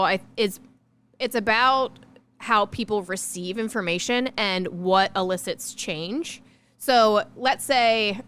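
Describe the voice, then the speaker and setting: Clear-voiced woman explaining in chat. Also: mid-range voice, a bit bright. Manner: explanatory, laughs easily. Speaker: podcast co-host. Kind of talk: casual chat.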